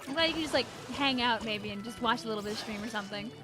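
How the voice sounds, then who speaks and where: A woman's voice: fairly high pitch, very fast, music in the background. A young woman streaming a video game, giggling and chatting with her viewers in a bubbly way. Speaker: streamer playing a shooter game. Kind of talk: casual live-stream commentary.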